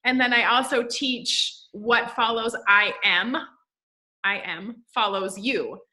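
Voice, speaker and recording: A woman leads a conversational interview, explaining coaching ideas with emphasis and encouragement. Her voice sits a little high and sounds bright and forward. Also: takes it slowly. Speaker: podcast host and coach.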